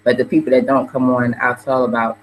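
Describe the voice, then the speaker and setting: A woman's voice: rumbling low, level tone, fairly quick, slight background noise, poor audio. A woman hosting a video call in a casual, earnest way, with a preachy manner. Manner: earnest and preachy, rising to emotional fervor. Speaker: host. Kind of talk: casual livestream talk. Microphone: computer mic on a video call.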